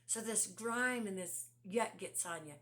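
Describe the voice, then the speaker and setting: A woman giving a conversational devotional talk. She asks the listener many rhetorical questions, sometimes sinks to a hush, and reads scripture slowly. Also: medium pitch. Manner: drops to a hushed, near-whispered delivery at times. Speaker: devotional speaker.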